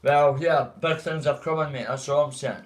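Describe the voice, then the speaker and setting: A man's voice: on the high side, fairly even intonation, normal speed, low-quality recording. Rambling Dundee Scottish man on a livestream. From Dundee, Scotland. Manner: rambling, greets chat as mate. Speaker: livestream host. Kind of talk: casual live chat.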